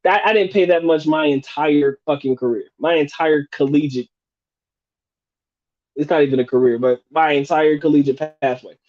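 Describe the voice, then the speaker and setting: A man's voice: a little high, moderate pace, highs cut off. A man hosting a live stream, chatting casually and profanely, restarting and rephrasing as he goes. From United States.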